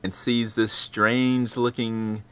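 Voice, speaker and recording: A man narrating as game master of a tabletop role-playing game, talking with many fillers and pauses. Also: mid-range voice, little pitch movement. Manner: hesitant, many fillers, voices a gruff ship captain in quotes.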